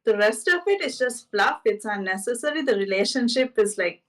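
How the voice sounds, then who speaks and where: A woman's voice: on the high side, lively intonation, a little fast, fairly bright tone, distant mic. A woman in a casual book club chat, talking with lots of fillers and giggles.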